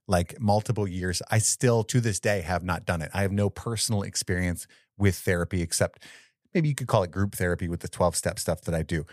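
A man's voice: deep voice, no echo, clean studio sound. A man co-hosting a podcast, talking candidly and joking around in casual chat. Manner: candid, jokey, does playful character bits. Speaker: podcast co-host.

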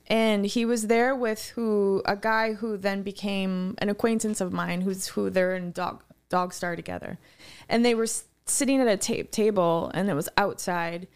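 A woman co-hosting a podcast, telling animated, rambling anecdotes in casual chat. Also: medium pitch, smooth. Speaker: podcast co-host.

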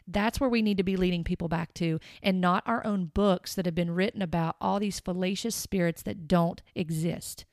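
A woman in her thirties giving an earnest, emphatic Bible teaching, slowing down to stress her points. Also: fairly low pitch, fairly even intonation, a little mellow, no echo, clean studio sound. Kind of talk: podcast-style teaching monologue.

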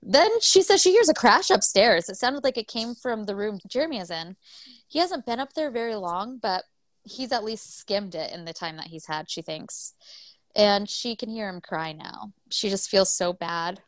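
A woman co-hosting a casual book podcast, retelling the story with animated voices for the characters and casual swearing. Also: medium pitch, normal speed, dry recording. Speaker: podcast co-host.

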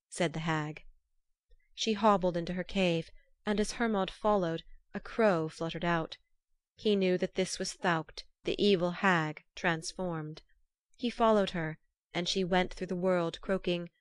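A woman narrating an old myth in a measured, formal storytelling manner. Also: on the low side, dry recording.

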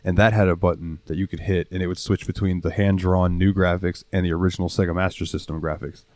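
A man's voice: deep voice, flat delivery, fast, a little mellow, no echo. A young man co-hosting a casual podcast, telling stories with plenty of swearing and laughter. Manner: storytelling, swears freely, laughs often. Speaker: podcast co-host. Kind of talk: casual chat.

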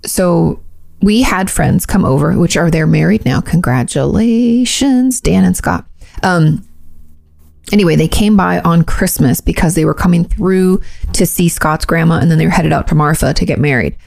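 A woman's voice: low voice, normal speed, creaky, a little mellow. A woman co-hosting a podcast in casual chat, blunt and chatty, swearing now and then. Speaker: podcast co-host.

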